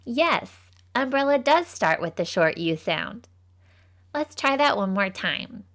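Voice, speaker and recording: Folksy young female teacher, voiced by a woman, slow and patient phonics delivery for preschoolers. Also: fairly high pitch, very animated, a bit bright, exaggerated voice. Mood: cheerful. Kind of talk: scripted children's phonics lesson.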